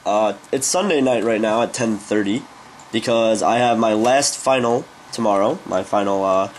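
A young man gives loose, rambling commentary on a game, his voice on the low side and his pace moderate. He sounds offhand and drops in fillers often, over a slight hiss or hum.

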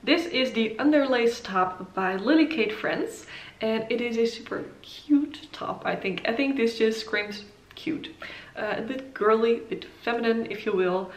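A woman's voice: on the high side, a little slow, roomy sound. A woman hosting a casual knitting vlog, reviewing patterns in a chatty way with many ums and uhs, recorded on a camera mic. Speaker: knitting channel host.

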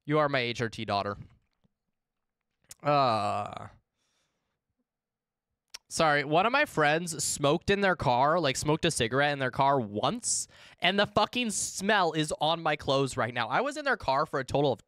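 A man's voice: a little high, big pitch swings, measured pace, long pauses, a bit bright, clear, resonant tone, no room sound, studio quality. A man live-streaming a game, chatting casually with his chat in a rambling, profane way.

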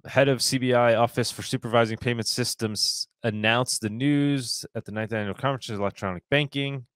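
A man's voice: lowish voice, fairly bright tone, no room sound. A man hosting a crypto news show, reading items aloud and breaking off into casual, sarcastic commentary. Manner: sarcastic asides between read-out items; casual, repeats words and restarts.

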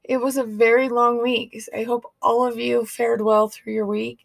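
A woman hosting her podcast in casual chat, her voice hoarse and partly lost, rambling through friendly asides and thanks to listeners. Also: on the high side, level tone, moderate pace. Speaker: podcast host.

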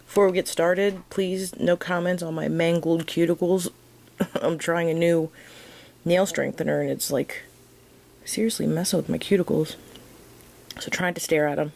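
A woman teaching a crochet tutorial in a casual, chatty way, counting her stitches softly as she works. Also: fairly low pitch, creaky, rough recording. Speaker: crochet instructor.

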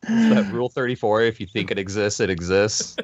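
A man's voice: on the low side, sing-song, fairly quick, no echo, muffled recording. A man co-hosting a podcast, easygoing and joking in casual chat. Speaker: podcast co-host.

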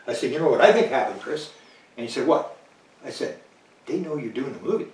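A man's voice: medium pitch, fairly quick, long pauses. A man being interviewed, spinning a long story with energy and voicing the other people in it. His voice sits mid-range and comes from a little way off the mic. The room is echoey and bounces the sound back. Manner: animated, chuckling, acts out quoted dialogue. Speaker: interview guest. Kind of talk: anecdotal storytelling in conversation. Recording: roomy, distant mic.

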